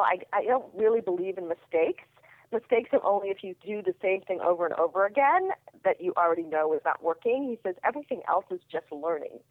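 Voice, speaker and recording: A woman author answering interview questions in a chatty, storytelling way, with quick asides. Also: lowish voice, no echo. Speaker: author guest. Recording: tinny phone line, dry.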